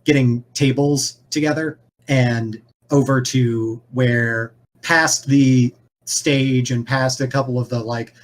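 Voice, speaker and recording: A man's voice: medium pitch, a little hiss or hum. A man narrating a tabletop game as game master in a casual, rambling way with lots of filler words.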